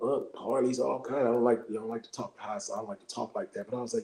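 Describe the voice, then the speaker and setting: Bay man, fast mellow delivery, casual livestream storyteller, keeps checking in with listeners, echoey room. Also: lowish voice, fairly even intonation. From Bay Area, California. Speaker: livestream host.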